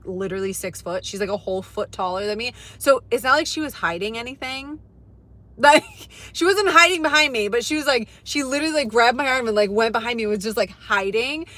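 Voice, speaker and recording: A young woman chatting casually to her live stream viewers, animated and full of fillers and swearing. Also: medium pitch. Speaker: livestreamer. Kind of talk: casual storytelling to a live chat.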